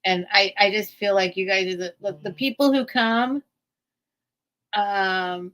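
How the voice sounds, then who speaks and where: A woman hosting a live sale stream, rambling and emotional as she thanks her viewers in halting phrases. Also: mid-range voice, steady tone, a bit bright. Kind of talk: casual livestream sign-off.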